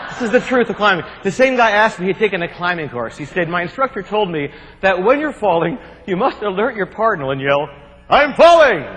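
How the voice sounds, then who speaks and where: Animated man telling stories in a hall. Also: high voice, noisy background. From New Jersey. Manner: animated, jokey, acts out shouts and quotes. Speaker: keynote speaker. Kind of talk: humorous storytelling speech. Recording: long hall reverb.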